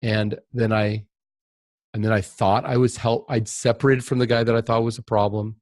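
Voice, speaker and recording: Guy on a podcast telling his own story, earnest, kinda halting, dry room, mid pitch. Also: level tone, a little mellow, no room sound. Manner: earnest, reflective, halting with restarts. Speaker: podcast guest. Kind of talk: candid personal storytelling.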